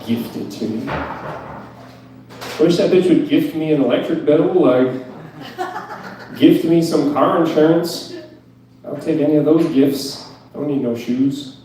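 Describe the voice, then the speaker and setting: A young male comic ranting in a profane, disbelieving, self-mocking way about his life. His voice sits a bit high and has a mellow, soft edge. The sound is roomy and echoey, as if picked up from across a small club. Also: a little slow, pauses often, far from the mic. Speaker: stand-up comedian. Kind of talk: stand-up set at an open mic. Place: club stage.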